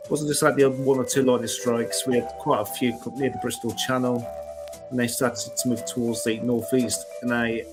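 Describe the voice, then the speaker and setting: A man's voice: medium pitch, level tone, moderate pace, over loud music. A man hosting a casual live weather chat show, talking in a chatty, rambling way and often correcting himself mid-sentence.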